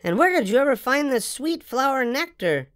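A woman voicing an excitable little girl with a big imagination, reading with a theatrical, sing-song manner. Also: high-pitched, normal speed, dry recording, clean studio sound, voice pushed up. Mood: playful.

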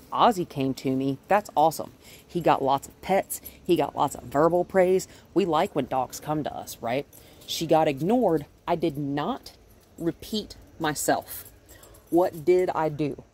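Low-pitched and a little mellow, this woman's voice comes with slight background noise. A dog trainer, she gives an easygoing, step-by-step demonstration with her dogs at home and in the yard, talking chattily and often asking "right?".

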